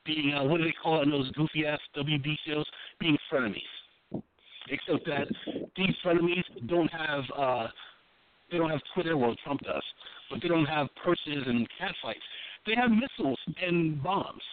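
A man's voice: a little high, normal speed, dry recording. Blunt, profane man with a tinny sound. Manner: profane, blunt, repeats himself while building a point. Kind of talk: casual political commentary. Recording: thin phone-like dry sound.

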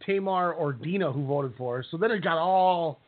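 Speaking at a moderate pace in a fairly high voice, this podcast co-host jokes and rambles through a casual reality show recap, restarting often. The line sounds tinny and phone-like, with a little hiss or hum.

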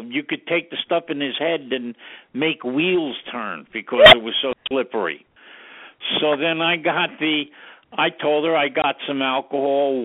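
A man, a former studio sound engineer, telling anecdotes casually in an interview and acting out the dialogue. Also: medium pitch. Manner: animated storyteller who acts out quoted dialogue. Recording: tinny phone-like radio audio.

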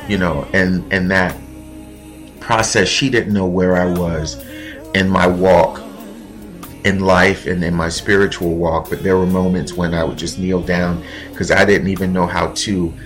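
A man with a very low, deep voice speaks in an earnest, heartfelt way, pausing often and reaching for words. Soft music plays faintly beneath him as he reflects aloud to his listeners. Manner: earnest, heartfelt, with pauses and fillers. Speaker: podcast host. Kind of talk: reflective spoken monologue.

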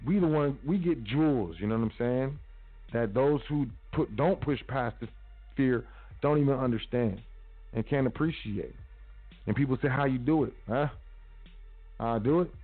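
A man's voice: medium pitch, normal speed, pauses often, soft background music. Man preaching casually over a tinny line. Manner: casual, preachy, repetitive urging. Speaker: podcast host. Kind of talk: motivational talk. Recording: tinny phone-like audio.

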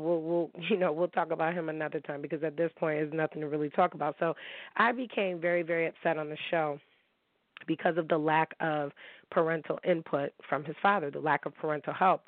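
A woman's voice: on the low side, no echo. Heated woman venting over a thin line. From upstate New York. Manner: candid, heated, rhetorical questions to listeners. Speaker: podcast host. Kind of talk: emotional personal monologue to listeners. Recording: thin phone-like dry recording.

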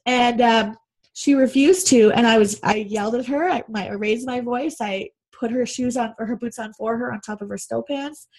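A woman's voice: fairly high pitch, normal speed, a little mellow. A woman guest from Canada, a mother and business owner, speaking candidly and earnestly in a casual podcast conversation.

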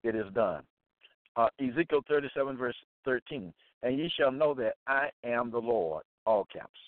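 A man preaching and reading Bible verses aloud, repeating phrases emphatically and deliberately. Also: mid-range voice, expressive, dry recording. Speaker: Bible teacher. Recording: dry tinny phone-like sound.

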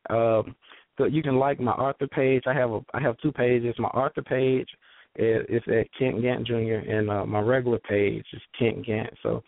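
A man from Georgia with a Southern accent, a guest author chatting in a halting, rambling way with many fillers, heard over a phone line. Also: mid-range voice, gravelly, dry recording. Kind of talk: casual call-in chat.

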